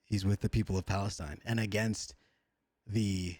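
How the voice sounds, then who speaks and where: Brief: man streamer, dry close sound, excitable slang-heavy reaction chat. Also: lowish voice, normal speed, no echo. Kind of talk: livestream reaction commentary.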